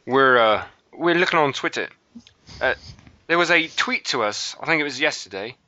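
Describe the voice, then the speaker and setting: A man's voice: medium pitch, lively intonation, moderate pace, sharp tone, highs cut off. A man co-hosting a podcast in a casual, playful chat, joking often. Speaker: podcast co-host.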